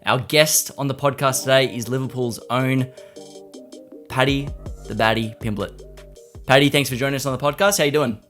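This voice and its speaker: A man kicking off a podcast with an upbeat, announcer-like introduction. His voice is bright and forceful, with faint music underneath. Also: medium pitch, fairly even intonation, normal speed, pauses often. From Australia. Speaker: podcast host. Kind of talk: show introduction.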